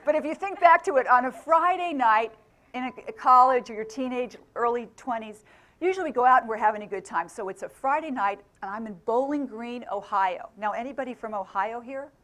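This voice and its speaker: A woman's voice: on the high side, a little fast, a bit bright. A middle-aged woman from England giving a motivational talk to a live audience. She keeps asking the crowd questions and laughs often. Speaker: motivational speaker.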